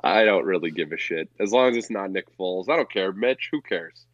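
A man's voice: deep voice, lively intonation, brisk, a bit bright, no room sound, highs cut off. A man co-hosting a casual sports betting podcast, talking bluntly and profanely in a ranting way. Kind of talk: casual chat.

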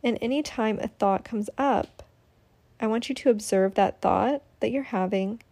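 A woman's voice: on the high side, measured pace, dark tone. A woman giving casual, chatty step-by-step advice on how to meditate, with many fillers. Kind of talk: casual instructional talk.

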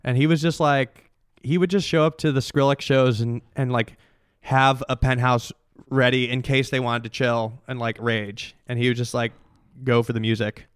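A young man tells a long story in loose, casual conversation, padding it with fillers and trailing restarts. His voice is smooth and clear. The sound is dry and close, with no room around it. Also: mid-range voice, steady tone, normal speed, hardly any pauses, dry recording. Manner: rambling, many fillers and restarts.

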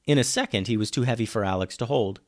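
A man reading a children's adventure story aloud, lively, dropping low and quiet on the narration tags. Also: fast talker, dry recording, studio quality.

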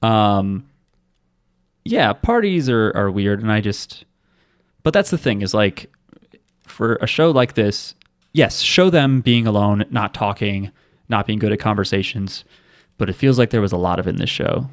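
رجل يروي بحيوية في تسجيل جاف. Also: male voice, fairly low pitch, a little slow, no room sound, clean studio sound. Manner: animated, jokey storyteller. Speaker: podcast co-host. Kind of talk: casual chat.

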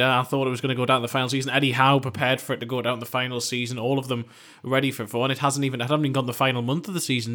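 A man's voice: mid-range voice, fairly bright tone. Man talking football, stumbling over words. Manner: halting, repeats words as he thinks. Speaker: football journalist guest. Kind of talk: casual football podcast chat.

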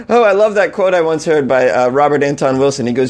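Man, comedy news host, mocking, incredulous, laughs a lot, slightly high voice. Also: moderate pace, darkish tone.

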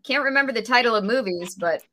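A woman's voice: on the high side, animated, fast, sharp tone. A woman co-hosting a live podcast in casual chat, playful and teasing. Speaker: podcast co-host.

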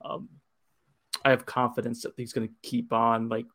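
A man's voice: medium pitch, completely flat delivery, normal speed, a bit bright. A man co-hosting a whiskey podcast, chatting casually and rambling with lots of "like" fillers. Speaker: podcast co-host. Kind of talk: casual chat, whiskey tasting.

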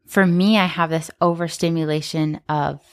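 A woman therapist, a guest on a podcast, talking in a casual, expressive way. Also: deep voice, normal speed, clear, resonant tone. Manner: animated, expressive storytelling with acted quotes and laughter. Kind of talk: casual conversational interview.

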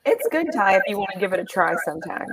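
A woman's voice: medium pitch, sing-song, fast, noisy background. A woman guest co-host in a casual chat on a video call, asking curious short questions.

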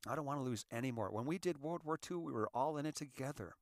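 A man's voice: medium pitch, expressive, quick pace, no room sound, studio quality. A middle-aged American man, a volunteer fire captain, giving an impassioned monologue that repeats key phrases and addresses the audience directly. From United States.

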